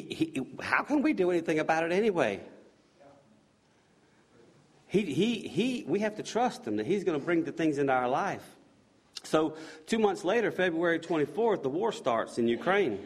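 A man's voice: fairly high pitch, slightly rough. A middle-aged man giving an earnest personal testimony, telling his story in a loose, conversational way with frequent restarts. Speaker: volunteer sharing his faith story.

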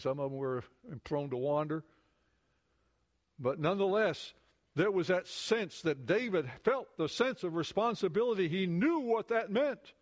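A man with a fairly high voice preaches a sermon in church. He puts questions to his listeners and often sinks to a soft, close emphasis to drive a point home. His voice carries above the usual pitch for a man. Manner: questions to the congregation, drops to soft intimate emphasis. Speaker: pastor.

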